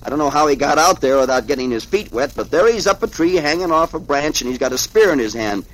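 A man's voice: on the high side, animated, fast, fairly bright tone, low-quality recording. A man, reading comic strips aloud to a child in a chatty, folksy way. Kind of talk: folksy read-aloud storytelling.

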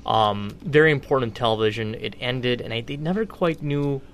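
A man's voice: medium pitch, a little fast, a bit bright. A man hosting an interview, asking conversational and lightly teasing questions about a guest's career. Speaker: interviewer, host.

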